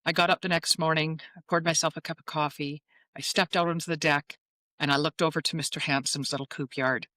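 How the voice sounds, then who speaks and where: Bright, animated woman telling a story. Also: sits low, a little fast, dry recording. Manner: animated storyteller who acts out quoted dialogue. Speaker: guest, psychic medium. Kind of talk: personal storytelling in an interview.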